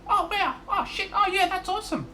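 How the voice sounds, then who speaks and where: A man imitating a clueless, cheerful young friend in a very high, goofy, drawling voice. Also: animated, a little fast, bright, forceful tone, slight background noise, exaggerated voice. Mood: dopey delight. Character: dopey cheerful young male travel mate.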